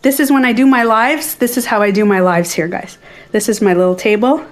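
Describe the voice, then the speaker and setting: A middle-aged woman hosting a casual live stream from her den at home, slightly out of breath, chatting to viewers and reading their comments as she goes, with soft music playing behind her. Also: fairly high pitch, a little fast. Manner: chatty, self-interrupting, talks to viewers and reads their comments.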